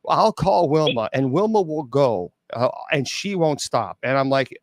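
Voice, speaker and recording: A man with a fairly high voice hosts a casual chat as a bishop. He tells an animated story full of repeated words and acted-out quotes. His voice is close and dry, with no room sound. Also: measured pace, hardly any pauses, dry recording. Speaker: bishop and show host.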